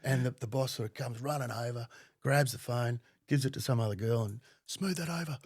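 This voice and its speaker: A man's voice: medium pitch, fairly even intonation, brisk, a little mellow, dry recording, clean studio sound. A man with an Australian accent telling stories on a podcast in a blunt, profane way, laughing often. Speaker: podcast guest, former undercover cop. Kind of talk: casual storytelling.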